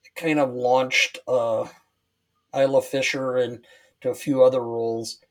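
Give me a middle-aged man giving a halting, hesitant movie review. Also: medium pitch, flat delivery. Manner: hesitant, halting, many fillers. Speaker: guest, host's father. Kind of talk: casual movie-review chat.

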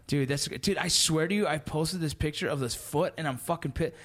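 A man in his thirties telling stories in casual podcast chat, animated and profane with lots of slang. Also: on the high side, brisk.

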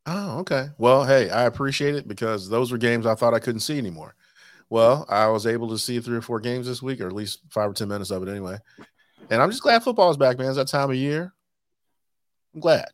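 A man of ordinary pitch chats easily on a podcast, friendly and upbeat. His voice sits close and dry on the mic. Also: animated, brisk, dry recording. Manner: easygoing, upbeat, chatty. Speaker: podcast co-host. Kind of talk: casual chat.

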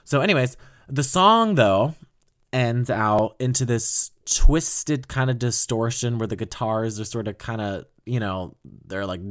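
A man's voice: mid-range voice, moderate pace, fairly bright tone. A young man hosting a podcast, talking casually and rambling about an album he loves, laughing often and swearing now and then. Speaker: podcast host. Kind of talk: casual music album review.

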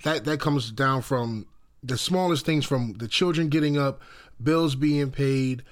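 A man's voice: mid-range voice, a little slow. A married man co-hosting a casual conversation about marriage, often repeating and restarting his words. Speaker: co-host of a marriage talk show.

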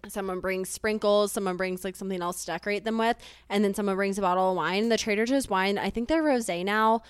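Brief: young female podcast co-host, chatty and slangy, smooth clear voice, dry close mic. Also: medium pitch, quick pace, dry recording. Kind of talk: casual chat.

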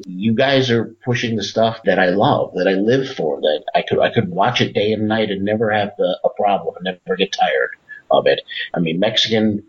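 A man guesting on a podcast, telling rambling, enthusiastic stories with lots of fillers and restarts. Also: fairly low pitch. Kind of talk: casual interview chat. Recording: dull lo-fi audio.

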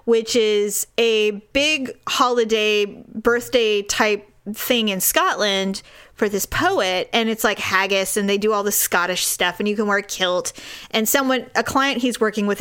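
A woman in her forties telling a story in casual chat, animated and laughing often. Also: mid-range voice, clean tone.

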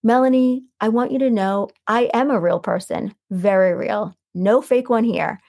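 A middle-aged woman hosting her own podcast, coaching listeners in a calm, soothing voice and reading quotes out slowly. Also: fairly high pitch, gravelly. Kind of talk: solo podcast teaching.

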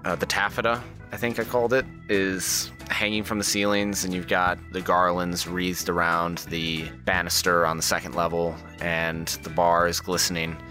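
A man's voice: low-pitched, little pitch movement, normal speed, hardly any pauses, pushed and bright, faint music behind. A man narrating as game master of a tabletop game, rambling with fillers.

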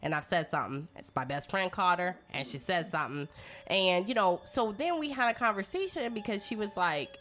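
A middle-aged woman hosting a podcast, telling a story in a profane, animated way and acting out what people said. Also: lowish voice, fairly quick. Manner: animated storytelling, profane, acts out quotes loudly. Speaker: podcast host. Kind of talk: casual podcast chat.

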